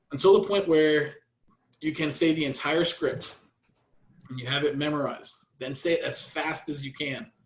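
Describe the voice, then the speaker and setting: A man coaching real estate agents in a training session, energetic and repetitive. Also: mid-range voice, echoey room, rough recording.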